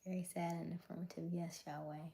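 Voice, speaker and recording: A woman hosting a casual live stream, greeting viewers by name and reading their comments, often dropping into a soft whisper. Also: fairly low pitch, flat delivery, brisk, gravelly. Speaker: livestream host.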